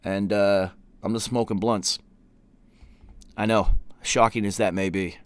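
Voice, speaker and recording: A man's voice: on the low side, fairly even intonation, a little slow, smooth, dry recording. Laid-back, profane man telling a story, dry close sound. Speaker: podcast host. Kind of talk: casual storytelling chat.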